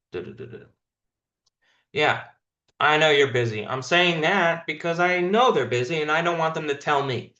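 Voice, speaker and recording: A man's voice: mid-range voice, a bit bright, echoey room, muffled recording. A man managing a sales team, coaching them through a meeting in an emphatic, instructive way. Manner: emphatic, instructive, demonstrates call lines.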